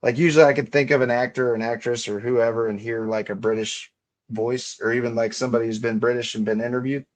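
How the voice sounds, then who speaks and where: A man's voice: mid-range voice, fairly even intonation, fast talker. A young man hosting a livestream, chatting in a rambling, offhand way full of casual swearing. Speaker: livestream host.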